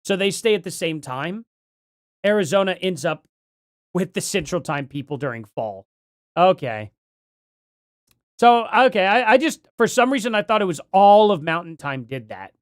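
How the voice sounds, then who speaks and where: A middle-aged man chats loosely on a livestream and works things out aloud. His pitch jumps up and down a lot, and he keeps trailing off into ums and false starts. The sound is dry and close, with almost no room echo. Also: sing-song, normal speed, long pauses. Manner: rambling, thinks aloud with many ums and restarts. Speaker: livestream host. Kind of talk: casual livestream chat, reading chat aloud.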